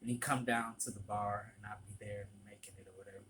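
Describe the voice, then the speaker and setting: A man's voice: on the low side, flat delivery, quick pace, few pauses, noisy background. A man in casual storytelling mode, candid and blunt, ranting with frequent restarts. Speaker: vlogger, former barista.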